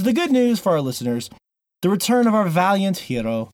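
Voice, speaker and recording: Man, podcast host, lively up-and-down pitch, playful and jokey, dry close mic. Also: fairly quick, no room sound. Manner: playful, jokey delivery with frequent fillers. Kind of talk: casual podcast intro.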